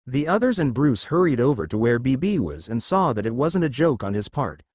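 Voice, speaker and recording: A man narrating a fan fiction story aloud in an even reading voice, with his own asides. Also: medium pitch, a little fast, husky, no room sound.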